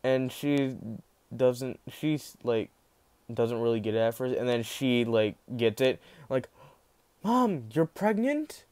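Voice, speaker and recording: A man's voice: mid-range voice, flat delivery, slow, darkish tone, clear, resonant tone. A young man casually retelling a fan-fiction story, rambling with many restarts and acting out the quotes.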